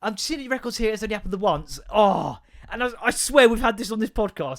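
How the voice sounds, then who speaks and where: A man's voice: sits high, expressive, quick pace, a bit bright. A man, hosting a solo podcast, chatting casually, swearing a lot and laughing often as he jumps from rant to rant. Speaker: podcast host.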